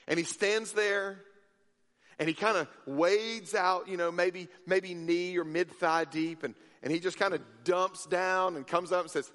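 A man's voice: high voice, moderate pace, a bit bright. A man preaching a sermon, telling a story with acted-out voices, then dropping to a near whisper for emphasis. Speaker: pastor. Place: church sanctuary. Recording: reverberant sanctuary.

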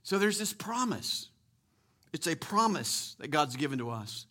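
A middle-aged man preaching in a high, bright voice. He leans hard on key words, repeats them, and slows down to drive a phrase home. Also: very animated. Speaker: pastor. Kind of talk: sermon.

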